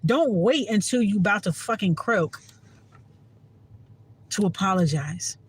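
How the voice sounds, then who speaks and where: Pausing often at a normal speed, a high-pitched man with a slightly rough voice rambles candidly to camera. He's a spiritual vlogger from the Washington DC area giving a casual monologue, cursing freely and using lots of fillers, and the audio is poor.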